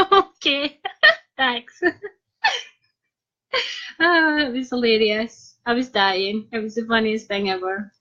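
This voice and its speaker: A young Scottish vlogger casually tells her viewers a cheeky story, giggling and frequently breaking into laughter. Her voice is a little high with a sharp tone, and she speaks slowly with frequent pauses. The sound is dull and lo-fi.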